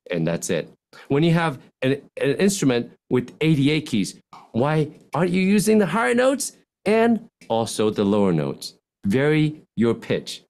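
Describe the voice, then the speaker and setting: A man, a physician, giving speaking advice as a podcast guest, animated and lively, swinging his voice up and down and acting out example lines in contrasting tones. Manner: animated, swings pitch widely to demonstrate points. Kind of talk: podcast interview, coaching talk.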